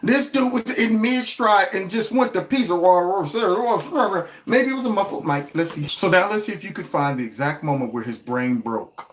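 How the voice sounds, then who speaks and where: A man hosting his own show, reacting to clips in a lively, mocking, slangy way. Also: sits high, normal speed, hardly any pauses. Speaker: show host. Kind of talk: reaction commentary on video clips.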